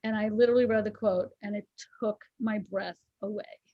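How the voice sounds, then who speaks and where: A woman's voice: mid-range voice, steady tone, moderate pace, no echo. Casual co-host, a woman in her forties, candid and emotional, dry and a bit muffled. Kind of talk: casual chat, personal story.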